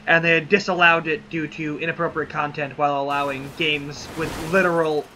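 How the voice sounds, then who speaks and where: A man streaming a game in casual chat with friends, excitable and given to yelling and swearing. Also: on the high side, fairly quick, very noisy.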